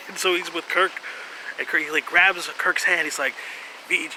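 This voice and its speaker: Rambling man with a bright voice. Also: sits high, wildly swooping pitch, a little slow, a little hiss or hum, low-quality recording. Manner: rambling, laughs often, many fillers and restarts, swears. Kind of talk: rambling casual monologue.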